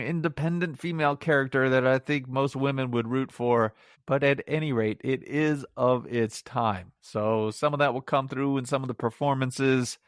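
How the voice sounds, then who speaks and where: A man's voice: medium pitch, no echo, clean studio sound. A middle-aged man giving a casual solo movie review on a podcast, rambling and sarcastic, laughing at his own jokes.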